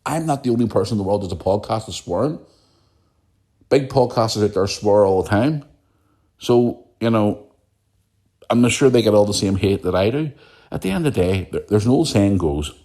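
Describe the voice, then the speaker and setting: A man's voice: low-pitched, warm tone. A British man hosting his own podcast, talking bluntly and emphatically in an opinionated solo rant, repeating his points. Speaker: podcast host.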